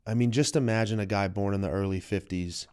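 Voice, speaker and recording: Speaking briskly with fairly even intonation, a man in his late twenties appears as a podcast guest, his smooth, clear voice a little low and darkish. He shares a personal story in an open, heartfelt, reflective way. The audio is dry and close, as if from a studio mic, with no echo.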